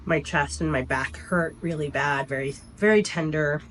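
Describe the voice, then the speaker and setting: Young woman vlogger, sick and stuffy; lower-pitched, chatty, fed up; faint background noise. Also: normal speed. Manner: chatty, exasperated storytelling. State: sick, congested and weak. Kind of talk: casual story time.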